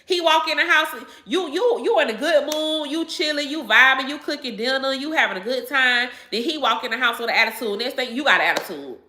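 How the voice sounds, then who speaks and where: Woman, 30s, YouTube host talking straight to viewers; blunt, preachy, curses, bright high-ish voice, echoey room. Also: a little fast, hardly any pauses, a little hiss or hum. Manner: blunt, preachy, repeats phrases, swears freely. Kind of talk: casual chat to viewers.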